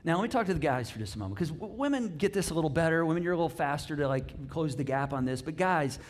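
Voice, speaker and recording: A middle-aged man, a pastor, giving a conversational sermon with lively asides and frequent restarts. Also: a little high, fast. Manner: animated and chatty, with many restarts and asides.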